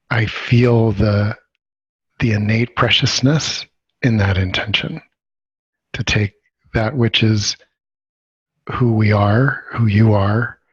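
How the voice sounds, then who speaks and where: Man, husky, low voice, thoughtful, reflective listener, dull dry video call. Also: no echo.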